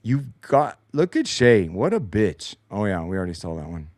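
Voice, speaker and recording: A man's voice: fairly low pitch, very animated, moderate pace, a little mellow, dry recording, clean studio sound. Sarcastic, swearing male sports host. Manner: frustrated, sarcastic, swears a lot. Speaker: show host. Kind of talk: profane post-game replay commentary. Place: home basement.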